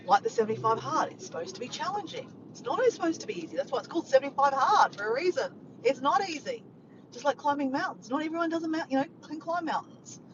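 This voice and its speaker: A woman vlogger with a high, expressive voice talks fast while driving, chatting casually and upbeat to camera in a rambling way. The audio is muffled, with clear road noise.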